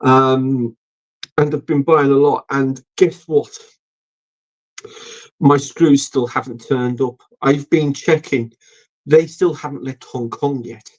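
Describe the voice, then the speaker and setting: A man's voice: medium pitch, fairly even intonation, takes it slowly, pauses often, a little mellow. A middle-aged man hosting a casual live stream, rambling and swearing with lots of ums. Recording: dull lo-fi stream audio.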